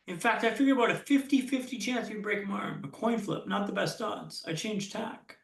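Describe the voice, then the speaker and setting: Keynote speaker, male, high gravelly voice, punchy storytelling with dramatic pauses, echoey hall. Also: far from the mic. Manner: self-deprecating humor. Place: conference hall stage.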